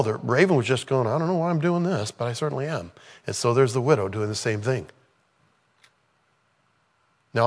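A man's voice: on the low side, in a large hall. A man preaching a sermon in a conversational way, with playful acted-out asides. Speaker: pastor.

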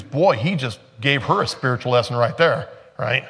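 A man's voice: medium pitch, expressive, normal speed, vocal fry, hardly any pauses, fairly bright tone, husky, in a large hall. A man pastor preaching a sermon in a conversational way, with joking asides and laughter.

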